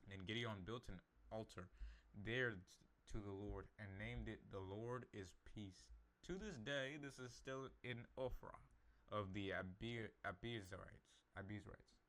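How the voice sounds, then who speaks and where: A man's voice: lowish voice, measured pace, a bit bright. Man reading scripture with loose asides. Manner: stumbles over names and laughs at his own slips. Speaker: Bible reader. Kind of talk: casual Bible reading with commentary.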